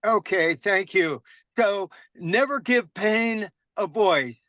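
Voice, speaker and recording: Male, earnest storyteller who repeats key phrases for effect, dry close sound, crisp bright tone. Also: high voice, expressive, slow, dry recording, low-quality recording. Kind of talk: casual group call sharing.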